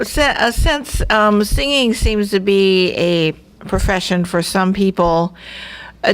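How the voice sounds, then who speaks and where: Woman co-host on radio, lowish voice, halting questions. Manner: hesitant questions with many fillers. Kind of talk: radio interview.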